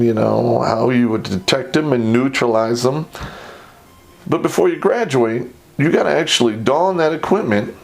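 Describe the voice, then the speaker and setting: A man's voice: mid-range voice, vocal fry. A middle-aged man telling army stories in a casual, profane, laid-back way, often laughing as he talks. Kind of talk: casual storytelling.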